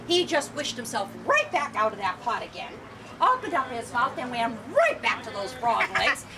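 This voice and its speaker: A woman storyteller telling a tale to children in an animated way, quizzing the audience as she goes, filmed from afar on an outdoor festival stage. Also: on the high side, normal speed. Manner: animated, asks the audience questions. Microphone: far camera. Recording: distant camera, outdoor crowd noise.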